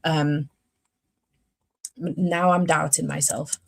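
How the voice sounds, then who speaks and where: Young woman, casual book vlogger, chatty and rambling, self-correcting, slightly low pitch. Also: fairly even intonation, slow pace, vocal fry. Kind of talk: casual chat.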